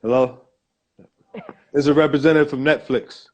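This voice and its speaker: A man's voice: mid-range voice, fairly even intonation, darkish tone. A man hosting an interview in a casual, encouraging way. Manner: unhurried, encouraging, laughs along. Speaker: interview host.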